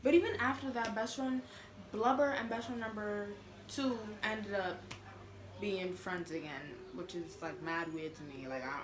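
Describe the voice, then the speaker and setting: A young woman vlogger telling a storytime in a sassy, animated way, full of fillers. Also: medium pitch, unhurried. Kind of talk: casual storytime. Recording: echoey room with noise.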